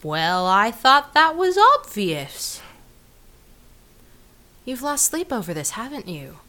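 A woman's voice: a little high, very animated, slow pace, sharp tone, full character voice. A young woman in a comedy sketch, playing her own effusive, melodramatic emotional side. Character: young woman's gushing, dramatic emotional self.

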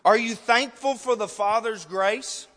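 A male preacher delivering an emotional, sometimes loud sermon full of pleading rhetorical questions and an altar call. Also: sits high, measured pace. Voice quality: passionate, emotional, loud at times. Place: church sanctuary. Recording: long reverb of a large hall.

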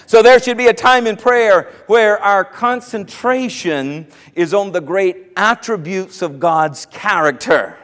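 A man preaches with a strikingly high voice, fervent and pressing, at times breaking into shouts. His words ring out with a long reverb, as if in a big hall. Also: slow, few pauses. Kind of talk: sermon on prayer.

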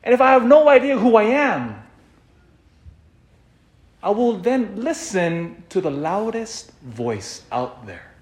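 A man giving a sermon as a priest, animated and full of rhetorical questions, often repeating himself. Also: high voice, takes it slowly, pauses often, reverberant. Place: church.

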